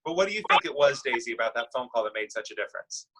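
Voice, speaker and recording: A man's voice: medium pitch, expressive, very fast, sharp tone, slight background noise, rough recording. A man leading a class discussion, patiently telling a news story to children and asking them guiding questions. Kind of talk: explaining current events to children.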